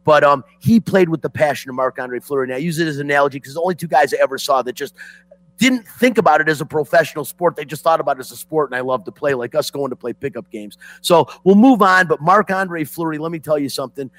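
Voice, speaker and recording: Excitable emotional sports talk man. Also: a little high, quick pace, dry recording. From Detroit. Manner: excitable, emotional, swings loud and soft. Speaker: sports radio host.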